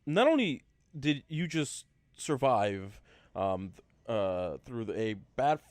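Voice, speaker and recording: Man, podcast co-host, rambling casual talk, middle pitch, dead dry sound. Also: big pitch swings, darkish tone, no room sound. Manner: rambling, halting, many fillers and restarts. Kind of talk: casual chat.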